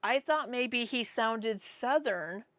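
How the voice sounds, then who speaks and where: A woman riffs through a reaction livestream in an unhurried, drawn-out way. She is blunt and sarcastic, swearing without a second thought. Her voice sits a little high, and the sound is dry, with no room echo. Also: animated, fairly bright tone. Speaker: livestream commentary host. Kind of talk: casual reaction commentary.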